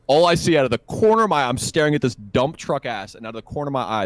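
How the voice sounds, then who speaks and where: A man's voice: mid-range voice, lively intonation, fast talker, few pauses, no room sound. A young man co-hosting a podcast, telling a crude, profane story in a rambling way with stammers and restarts. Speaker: podcast co-host. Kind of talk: casual storytelling chat.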